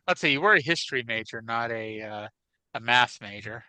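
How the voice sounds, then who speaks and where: A bright, crisp-voiced man co-hosts a podcast. He chats in a wry, profane way, and the recording is close and dry. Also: mid-range voice, lively intonation, a little fast, no room sound, rough recording. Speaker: podcast co-host. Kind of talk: casual chat about wrestling.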